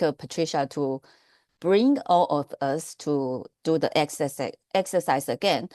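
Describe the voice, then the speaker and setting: A woman's voice: low-pitched, darkish tone, no echo, studio quality. A woman moderating a webinar panel, thanking the last speaker and introducing the next one, with frequent hesitations and fillers.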